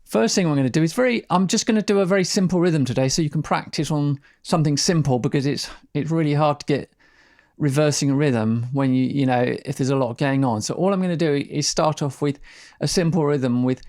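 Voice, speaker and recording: A man's voice: a little high, darkish tone. A man teaching didgeridoo rhythms in a casual, rambling way, sounding out syllables as he explains.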